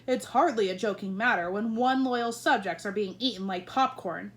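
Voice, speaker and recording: A woman reading aloud, voicing a flustered, testy king who talks loudly and with exasperation. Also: high-pitched, very animated, normal speed. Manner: loud, exasperated.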